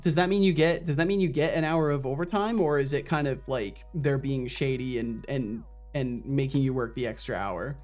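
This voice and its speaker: A man's voice: medium pitch, normal speed, hardly any pauses, a little mellow, soft background music. A man streaming as a solo game developer, chatting casually with viewers. He rambles, swears often and restarts his sentences a lot. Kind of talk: casual live-stream chat.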